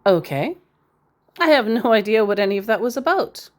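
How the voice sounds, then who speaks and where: A woman's voice: fairly high pitch, lively intonation, normal speed. A woman giving casual, sarcastic commentary as she reads out messages from scammers, rambling into asides. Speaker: scambaiter reading scam chats.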